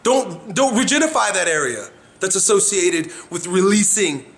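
A man's voice: sits high, expressive, moderate pace, fairly bright tone. A man giving frank, profane coaching talk about the body, blunt and demonstrative.

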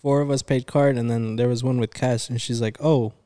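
A young man at a middle pitch telling a story among friends. He switches between English and Spanish slang mid-sentence, swears freely and acts out the other people's lines. His delivery is loose and conversational. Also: steady tone, brisk, warm tone. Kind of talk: casual chat among friends.

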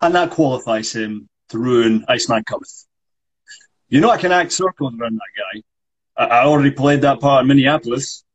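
A man's voice: mid-range voice, fairly quick, husky, highs cut off, natural voice. A Scottish man reading the part of a frustrated, proud struggling actor in a script read-through, pushing back defensively. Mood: indignant. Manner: pushy, defensive complaining.

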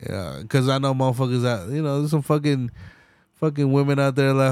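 A man ranting hard on his own podcast, cursing freely and jumping into sneering mock voices of the people he is arguing against. His voice sits in a middle pitch, and the sound is dry and close with no room around it. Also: expressive, normal speed, darkish tone, clean tone, no room sound. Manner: profane, heated, swinging into mocking voices. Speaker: podcast host. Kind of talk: solo podcast rant.

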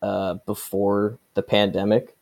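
A man co-hosting a casual comedy podcast, cracking sarcastic, deadpan jokes. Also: on the low side, measured pace, creaky. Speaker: podcast co-host.

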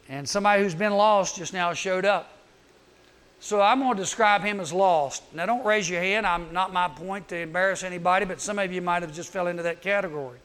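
Youth camp preacher, man, high voice, animated and teasing, jumps into quick character voices. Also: clear, resonant tone. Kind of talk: humorous sermon.

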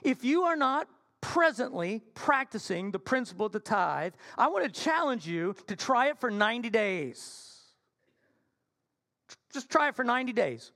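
Pastor guy preaching at church, playful and animated, goes from loud and punchy to real quiet. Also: high voice. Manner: animated, playful storytelling with sudden soft drops. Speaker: senior minister. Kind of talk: sermon. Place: church sanctuary.

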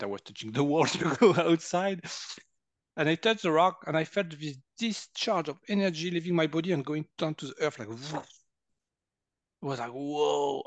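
A fairly high-pitched male voice, recorded with no room sound, belongs to a French energy healer in his fifties who speaks with a French accent. Appearing as a guest, he tells personal stories in conversation with animation, acting out quotes and laughing a lot.

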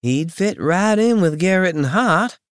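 A man voicing a guarded young woman lawyer with a soft, wry way of speaking. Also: sits high, lively intonation, a little slow, smooth, no echo, studio quality, pitched above the performer's own voice. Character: wary young woman lawyer, warm underneath.

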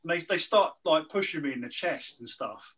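A man's voice: fairly high pitch, normal speed, husky, low-quality recording. A man telling a long, rambling anecdote in casual chat. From southern England. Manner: rambling, animated, lots of fillers. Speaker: guest telling a story.

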